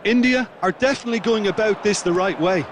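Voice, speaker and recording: A man voicing a seasoned male football colour commentator in a video game, explaining the play in a steady, thoughtful way. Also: sits high, quick pace, heavy background noise, lightly acted. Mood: analytical. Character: seasoned male football pundit, calm and analytical. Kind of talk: scripted video game match analysis.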